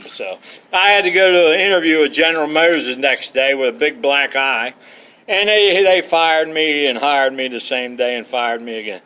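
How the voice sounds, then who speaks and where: A middle-aged man spins loose, meandering yarns from a campsite, slipping in asides and frequent uhs. His voice sits a touch higher than most men's. He keeps it casual and colloquial. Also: fairly bright tone, poor audio. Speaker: vlogger. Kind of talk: rambling personal storytelling. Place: outdoors at a campsite.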